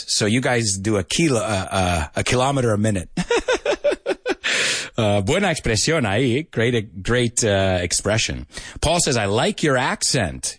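A man hosting a casual live English lesson, animated and chatty, slipping between English and Spanish phrases and laughing often. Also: mid-range voice, slightly rough, dry recording, studio quality.

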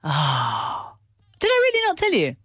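Chatty woman teacher with lively pitch. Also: unhurried, husky, no room sound, clean studio sound. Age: adult with a child. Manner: chatty and animated, explains words as she goes. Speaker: English teacher. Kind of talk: casual storytelling lesson.

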